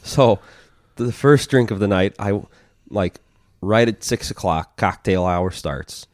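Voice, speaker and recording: A man with a low, deep voice tells a long, rambling story in a relaxed podcast chat. He swears freely and drops into little impressions of the people he quotes. The sound is close and dry, with no room around it. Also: slow pace, no room sound. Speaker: podcast co-host.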